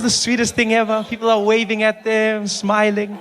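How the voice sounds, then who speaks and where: A man telling a stand-up story with lively, animated energy. His voice sits high for a man, and faint noise hangs behind him. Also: normal speed, hardly any pauses. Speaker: stand-up comedian. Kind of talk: stand-up comedy. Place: comedy stage.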